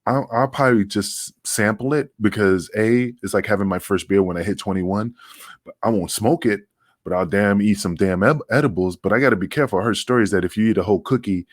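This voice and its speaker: New York man, low-pitched podcast co-host, loose rambling delivery. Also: brisk, dry recording, studio quality. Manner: rambling, restarts often. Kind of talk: casual chat.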